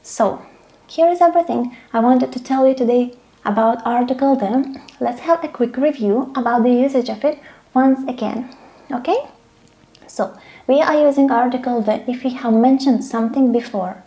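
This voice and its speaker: A woman teaches a grammar lesson. Her voice sits a little high but sounds soft and mellow. She explains step by step and keeps checking that the students follow. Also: moderate pace. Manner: patient, checks in with frequent "okay?" and "right?". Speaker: English teacher.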